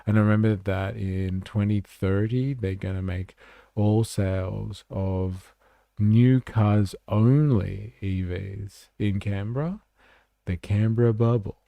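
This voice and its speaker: A man's voice: lowish voice, steady tone, slow, creaky, dry recording, narrow, tinny audio. A man hosting a casual livestream, chatting back to comments and saying "like" a lot. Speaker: livestream host.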